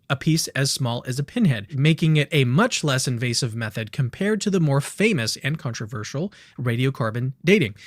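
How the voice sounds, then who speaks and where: A man's voice: mid-range voice, dry recording. Dry-voiced male podcast host reading aloud. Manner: casual, chatty asides.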